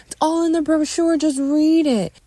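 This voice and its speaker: A woman's voice: medium pitch, lively intonation, moderate pace, mellow, dry recording, pitched above the performer's own voice. A woman voicing a rattled young man who stammers and hedges in a narrated audio story. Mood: plain. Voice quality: stammering, hesitant.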